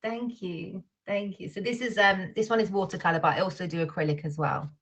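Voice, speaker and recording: A woman with a Southern English accent, a guest on a live stream, talking slowly and modestly with pauses and little laughs. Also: on the low side, steady tone, fairly bright tone. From Southern England.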